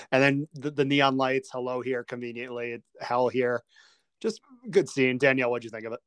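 A man in a casual film chat, talking through favorite scenes in a chatty, animated way. His voice sits mid-range and sounds close and dry, with no room around it. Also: medium pitch, moderate pace, clear, resonant tone, no echo.

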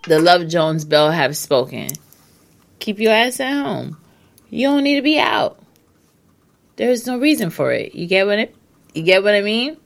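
A woman's voice: medium pitch, very animated, unhurried, gravelly, long pauses. A woman hosting a casual advice monologue, blunt and emphatic, swearing and repeating herself, hiccuping. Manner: emphatic, repetitive, blunt with profanity.

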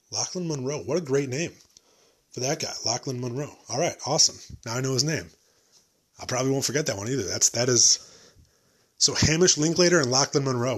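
A man's voice: mid-range voice, a bit bright, husky. Late-20s guy hosting his own podcast, rambling and self-mocking, loose and profane. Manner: rambling, self-deprecating, swears casually. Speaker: podcast host. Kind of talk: solo casual podcast chat.

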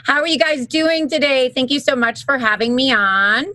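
A woman's voice: high voice, pushed and bright. A middle-aged woman from Wisconsin with a mixed New York and Jersey accent, a brassy guest chatting and laughing. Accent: New York-New Jersey mix. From Wisconsin, USA. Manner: brassy, laughing, quick asides. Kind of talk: casual podcast chat.

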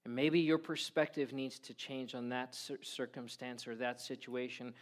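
A man preaching a sermon, earnestly quoting prayers and scripture, often dropping suddenly soft. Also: mid-range voice, fairly even intonation, normal speed. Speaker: pastor.

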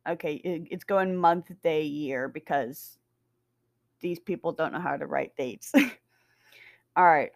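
A woman's voice: fairly low pitch, dry recording, clean studio sound. A woman casually reading a document aloud, breaking off for joking, swearing asides and stumbling over dates. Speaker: reader of SCP documents.

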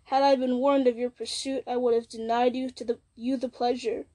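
A bitter old wizard, fallen and scornful, sneers at everyone around him, as a woman reads him aloud. His voice sits high and bright, with a mocking, resentful edge. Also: level tone, moderate pace, close to an everyday voice.

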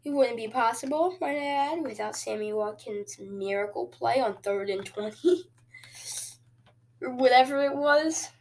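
A woman hosting casual video game commentary, excitable and jokey, with sudden cheers and quiet asides. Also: on the high side, measured pace. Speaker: host.

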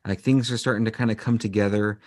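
A man's voice: on the low side, fairly even intonation, quick pace, a little mellow, dry recording. A man co-hosting a podcast, recapping an anime episode in a rambling way, with many fillers and restarts. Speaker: podcast co-host.

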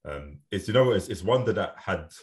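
A man talking casually about films as a podcast co-host, relaxed and full of slang and fillers. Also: sits low, fairly quick.

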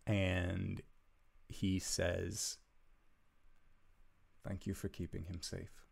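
Very slow, deep, gravelly game master. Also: male voice. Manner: slow, measured, hushed storytelling. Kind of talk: narrating a tabletop game.

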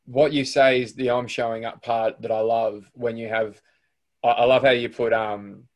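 With an Australian accent, a male podcast host rambles through casual interview chat, packing in fillers and frequently restarting. He speaks at normal speed with a medium pitch that barely moves.

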